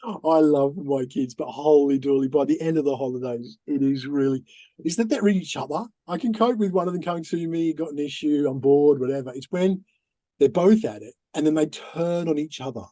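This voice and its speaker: A man's voice: a little high, fairly quick, warm tone, no echo. A man co-hosting a podcast, teasing the others and giggling through casual banter. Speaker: podcast co-host.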